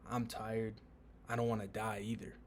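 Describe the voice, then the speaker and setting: A man voicing a gruff, unbothered warrior king. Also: lowish voice, little pitch movement, moderate pace, slight background noise, natural voice. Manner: blunt, profane, laid-back.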